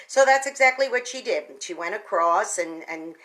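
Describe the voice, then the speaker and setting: A woman hosting a radio talk segment, retelling a story with expressive, folksy emphasis and speaking straight to her listeners. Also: mid-range voice, moderate pace, rough recording. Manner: folksy, addresses listeners directly. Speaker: radio station general manager.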